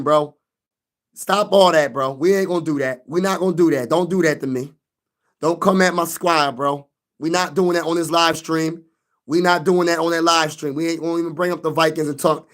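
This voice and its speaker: A man's voice: on the high side, a bit bright. A young man hosting a sports live stream, venting loosely in slang and talking back to his chat.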